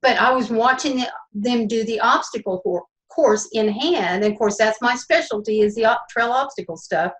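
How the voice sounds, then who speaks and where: A woman guest talks casually in a chatty, meandering way, restarting her sentences as she goes. Her voice sits somewhat high. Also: moderate pace, hardly any pauses, fairly bright tone, poor audio. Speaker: podcast guest, horse trainer. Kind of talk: casual chat.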